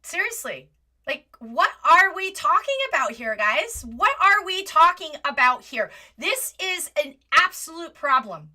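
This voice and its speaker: A woman hosting a live commentary stream from a home setup, animated and exasperated, often apologizing and at times close to yelling. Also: very high voice, a little slow. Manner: rises to near yelling at times. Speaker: livestream host. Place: home setup with green screen.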